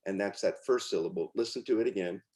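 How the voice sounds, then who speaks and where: A man's voice: fairly low pitch, fast talker, darkish tone. A man teaching as he walks through pronunciation lessons on screen, in an informal way with fillers and restarts. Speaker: teacher demonstrating software. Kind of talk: screen-share walkthrough.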